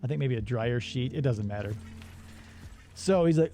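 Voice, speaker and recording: Animated sarcastic male host. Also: mid-range voice, moderate pace, faint music behind. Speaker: radio show host. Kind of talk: casual movie-review chat.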